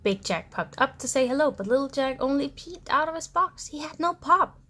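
A woman reading a children's storybook aloud in an animated, sing-song way. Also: high voice, normal speed.

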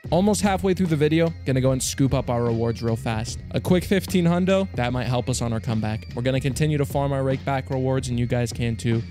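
A young man giving hyped, profane commentary over a slot game, jumping between mutters and loud yells. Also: medium pitch, fast, hardly any pauses, music in the background. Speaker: slots streamer.

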